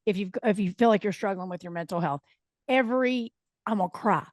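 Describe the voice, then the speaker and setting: A woman stand-up comic guesting on a podcast, playful and quick with jokes. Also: mid-range voice, no echo, studio quality. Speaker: comedian guest. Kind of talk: casual chat.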